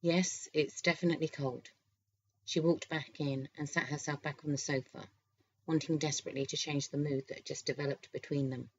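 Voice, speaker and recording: A woman reads a romance novel aloud in a calm, steady manner. Her voice is low. The recording has a slightly dull, lo-fi sound. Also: brisk, slight background noise. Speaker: audiobook narrator. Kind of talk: scripted narration.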